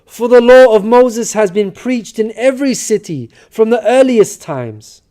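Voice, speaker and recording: A man reading a scripted religious narration in a measured, earnest, explanatory way. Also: very high-pitched, expressive, warm tone.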